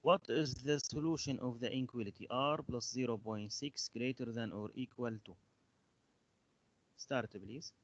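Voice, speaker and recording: A man teaching a math class, slowly guiding students through a revision lesson with hesitant fillers. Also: mid-range voice, no room sound, lo-fi sound. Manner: slow, patient, instructing with fillers.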